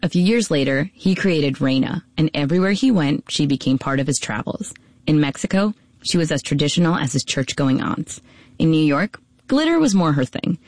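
A woman's voice: low voice, lively intonation, moderate pace, a little mellow, dry recording. A woman radio reporter narrating a scripted feature story.

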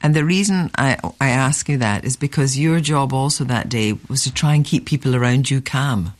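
A man hosting and narrating, asking steady, measured questions. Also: medium pitch. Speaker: host. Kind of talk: documentary narration and interview.

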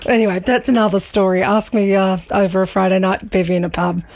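A woman chatting on the radio about theatre, animated and quick to laugh, with many ums and restarts. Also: mid-range voice. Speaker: radio presenter and arts reviewer. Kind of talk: casual radio chat.

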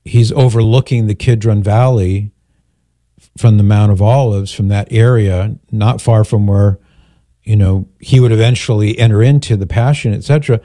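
A man's voice: on the low side, fairly even intonation, normal speed, dark tone, dry recording, clean studio sound. An older man, a grandfather, hosting a call-in radio show, speaking earnestly and reflectively with frequent restarts.

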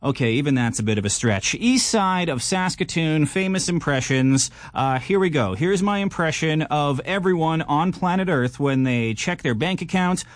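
A man hosting a radio show, joking in a self-mocking, animated way in a casual bit. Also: on the high side, moderate pace, few pauses, no room sound. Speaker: radio host. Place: radio studio. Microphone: studio mic.

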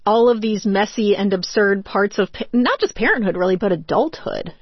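A woman interviewer asking prepared questions in a measured, precise way, in a dry, muffled recording. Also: medium pitch, expressive, slightly rough, dry recording. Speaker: interviewer host.

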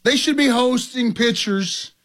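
A man's voice: very high voice, measured pace, fairly bright tone. A man from co-hosting a casual sports talk show, blunt and opinionated, with his sentences often trailing off. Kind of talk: casual sports radio chat.

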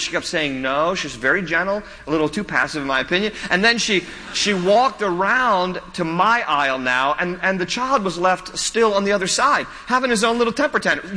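A man preaching a sermon as a pastor, repeating his key points and telling stories with animated, lively delivery. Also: high-pitched, brisk, few pauses. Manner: animated storytelling with laughs and quoted voices. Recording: long hall reverb.

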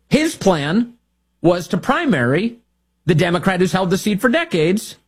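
A male talk radio host with a slightly husky, somewhat high voice that swoops up and down. He talks in a mocking, sarcastic way and chuckles at his own jokes. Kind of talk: political talk radio commentary.

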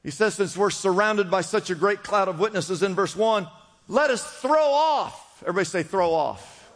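A man's voice: high-pitched, brisk, fairly bright tone. A man preaching a sermon in a church, urging his listeners on with repeated phrases. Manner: preaching with rising urgency and repetition. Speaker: pastor. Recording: long hall reverb.

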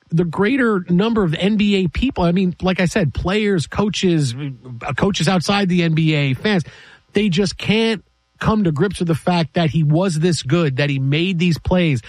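High-voiced emphatic man. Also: no echo. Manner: animated, emphatic, mimics other people in quick asides. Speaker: sports talk co-host. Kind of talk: casual sports debate.

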